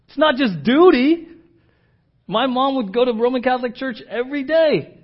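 A man preaching a sermon as pastor, moving between a hushed, slow prayer and loud, emphatic preaching. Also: extremely high pitch, animated. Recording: dull lo-fi church audio.

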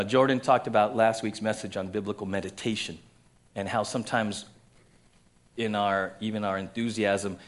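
A middle-aged male pastor preaching a sermon in a conversational way, dropping to quiet reflection and then rising into loud, excited teaching, often checking in with "right?" and "okay?". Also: mid-range voice.

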